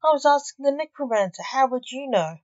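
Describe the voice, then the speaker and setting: A woman's voice: high-pitched, expressive, fairly quick, a little mellow, no echo, highs cut off, pitched above the performer's own voice. A woman voicing a chirpy, teasing masked chicken in a storybook reading.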